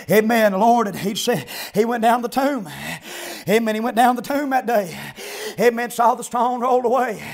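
A man preaches an old-time revival sermon in a very high, gravelly voice. He chants in rhythmic bursts broken by "uh", then climbs into shouted hallelujahs. His delivery swings hard between low, quick asides and ringing cries.

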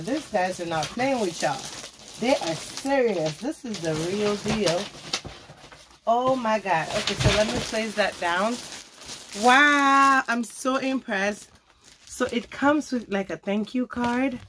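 A young woman unboxing a coat for her vlog, talking to the camera with bubbly excitement. She calls the viewer honey, keeps asking if they see it, and tacks okay onto her sentences. Her pitch sits in a middle range. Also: noisy background. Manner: tags many phrases with okay. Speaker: fashion vlogger. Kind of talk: sponsored product review and unboxing.

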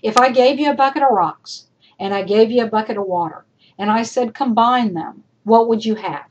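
A woman's voice: a little high, normal speed, highs cut off. A woman instructor recording spoken feedback for her students, emphatic and repetitive, calling them folks as she works through points. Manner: emphatic, repeats points, addresses class as folks. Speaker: college instructor.

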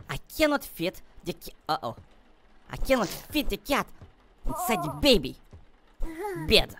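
Excitable woman narrating gameplay, wildly swooping. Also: medium pitch, slow, pauses often, a crowd in the background. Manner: excitable, talks to viewers, simple non-native phrasing. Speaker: gaming video host. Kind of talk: gameplay commentary.

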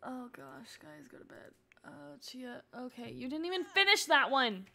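A woman's voice: a little high, animated, normal speed, a bit bright. A young woman streaming a life-sim game, chatting and coaxing her characters along with frequent laughs. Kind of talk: casual gameplay commentary.

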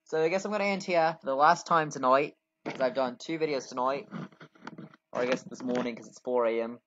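A brisk, medium-pitched, slightly bright male voice belongs to a gaming channel host giving casual let's-play commentary. He rambles and makes fun of himself, thinking aloud as he plays. Slight background noise sits under a dull, lo-fi dry mic recording.

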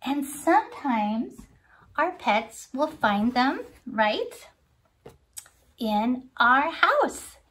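A woman with a high voice teaches a children's church class at an unhurried pace. She sings simple songs, makes animal sounds and coaxes little ones to join in. Her delivery is sing-song and gentle. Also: very animated. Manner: sing-song, coaxing, talks straight to young children. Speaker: children's Sunday school teacher. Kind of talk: children's lesson with sing-along.

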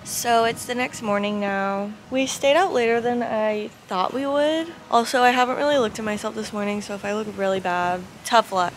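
A woman's voice: a little high, normal speed, hardly any pauses, slight background noise. A young woman in a casual at-home vlog, rambling chattily with lots of "like" and "literally". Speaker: vlogger.

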